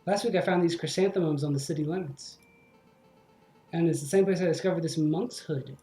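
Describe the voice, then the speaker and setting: A man voicing a polite, evasive female swan who sells flowers, in a soft put-on girl voice. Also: fairly high pitch, fairly quick, reverberant, soft background music, natural voice.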